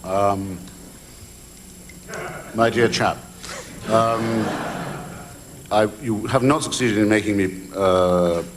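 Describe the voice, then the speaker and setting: Guy cross-examining in a debate hall, ironic, lots of ums, lowish voice. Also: steady tone, takes it slowly, pauses often, background noise. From England. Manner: hesitant with ums, wry and ironic. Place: large public hall.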